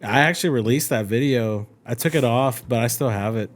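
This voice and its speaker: A man chatting on a podcast, relaxed and quick to laugh. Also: medium pitch, slight background noise. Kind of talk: casual chat.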